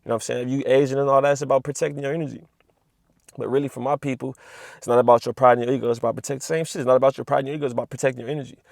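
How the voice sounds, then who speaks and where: A man's voice: mid-range voice, fairly even intonation, very fast, vocal fry, no room sound, studio quality. A young man ranting casually to camera about spiritual energy, profane and repetitive, full of street slang and "you know what I'm saying.". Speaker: spiritual vlogger.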